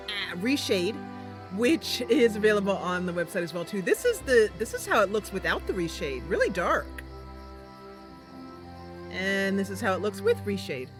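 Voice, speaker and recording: A woman streamer chatting casually with viewers during a role-play game, giggly with many fillers. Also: medium pitch. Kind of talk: casual live-stream chat. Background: game music.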